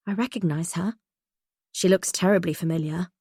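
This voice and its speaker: Low-voiced woman narrating a thriller. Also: moderate pace, darkish tone, no echo, studio quality. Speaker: audiobook narrator. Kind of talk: first-person thriller narration.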